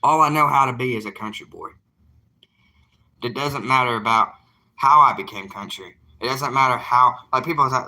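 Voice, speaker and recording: A young man speaks in a thick Southern drawl, talking straight to his viewers in a casual vlog. His voice is intensely bright and forceful, and he hammers his points home with folksy repetition. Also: medium pitch, normal speed. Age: young adult. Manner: emphatic, folksy, repeats himself for emphasis. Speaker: evangelist vlogger.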